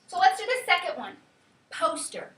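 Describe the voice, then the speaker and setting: High, bright-voiced woman teacher. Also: normal speed. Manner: lively, sing-song calling out of words. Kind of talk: classroom lesson. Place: classroom. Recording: echoey classroom from far off.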